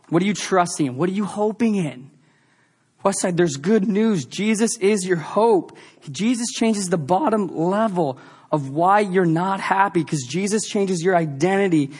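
Male pastor, high voice, emphatic sermon delivery with repeated lines and a chatty story mode. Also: animated, measured pace, a little mellow, husky.

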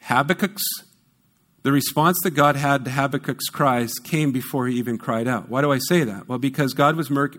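A man preaching a sermon, emphatic and conversational, repeating key words for stress and correcting himself in quick asides. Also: medium pitch, fairly bright tone. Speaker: pastor.

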